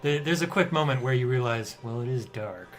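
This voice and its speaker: A man's voice: mid-range voice, a little fast. A man narrating a horror tabletop game as game master, laughing often and describing scenes with frequent fillers. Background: music.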